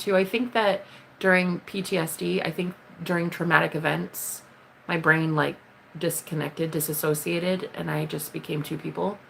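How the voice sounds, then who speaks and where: Woman livestreamer, low gravelly voice, blunt, swears freely, jumps up high to greet viewers. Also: fairly bright tone, a little hiss or hum. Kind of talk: casual live-stream chat with viewers.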